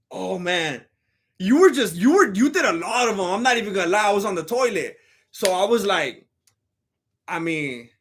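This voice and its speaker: A man with a noticeably high voice chats casually on a live stream. He rambles, restarts his thoughts and pokes fun at himself in an easygoing, unhurried way. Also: a bit bright. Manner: rambling, self-deprecating, laid-back.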